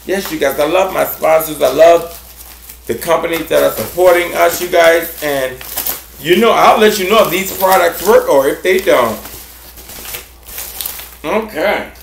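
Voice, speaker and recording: A man hosting a gardening channel, chatting casually and warmly to viewers, effusive and repetitive. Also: measured pace, vocal fry, long pauses, echoey room, slight background noise. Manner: effusive and affectionate, repeats himself, big swings in pitch. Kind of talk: casual vlog chat to viewers.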